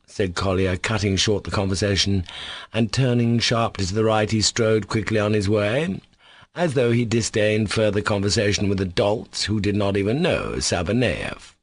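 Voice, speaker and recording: A man with a low voice narrating a classic novel in a steady, even storyteller's way. The recording is close and bone dry, with no room sound at all. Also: moderate pace, no room sound. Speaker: audiobook narrator. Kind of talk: scripted narration.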